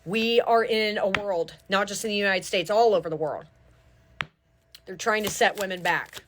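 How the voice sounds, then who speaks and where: A tarot reader delivers her reading in an urgent, preachy way, her mid-range, fairly bright voice at normal speed with slight background noise. She's fervent, swears casually, and keeps repeating "do you understand".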